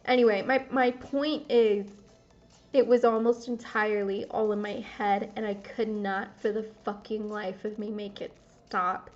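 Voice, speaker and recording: A woman's voice: medium pitch, steady tone, normal speed, soft background music. A young woman, rambling and swearing through a casual confessional vlog while gaming. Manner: rambling, swears often, self-interrupting. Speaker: vlogger. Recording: dull lo-fi audio.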